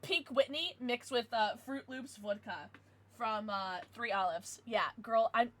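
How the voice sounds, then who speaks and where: A young adult woman streamer chatting casually with her viewers, with excited outbursts. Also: a little high, unhurried. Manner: chatty, answers viewers, bursts of excited squeals. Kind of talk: casual live-stream chat.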